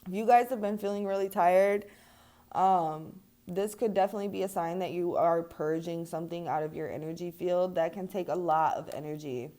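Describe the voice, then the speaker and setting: With a warm, mellow voice that sits a little low rather than bright, a young woman reads tarot for her viewers. She keeps it loose and chatty, laughing often and tossing in casual swears.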